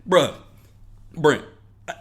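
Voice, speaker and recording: A man co-hosting a podcast, telling a profane, animated story and laughing often. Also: drawn-out words. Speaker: podcast co-host. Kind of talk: casual storytelling.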